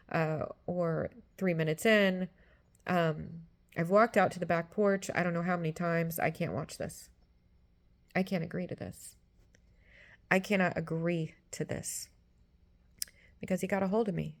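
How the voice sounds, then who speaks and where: A woman in her forties or fifties giving a Christian teaching talk, emphatic, acting out quoted voices with sudden leaps in pitch and loudness. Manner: emphatic, acts out voices with big pitch jumps. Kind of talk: teaching sermon.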